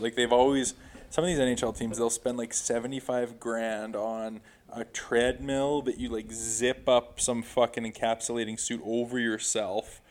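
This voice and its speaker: A middle-aged ex-pro hockey player with a mid-range voice is a podcast guest, chatting casually and spinning loose, profane, rambling stories.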